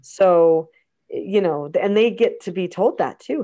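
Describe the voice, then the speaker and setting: A woman's voice: lowish voice, expressive, measured pace, highs cut off. Earnest woman coaching parents. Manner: earnest, instructive, acts out gentle prompts to a child. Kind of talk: teaching conversation.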